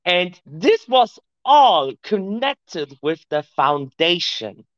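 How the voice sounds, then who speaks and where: A man's voice: high-pitched, sing-song, slow, a bit bright, no echo. A man, a podcast guest talking in slightly broken English, rambling casually. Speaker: podcast guest, show owner. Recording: dull lo-fi mic.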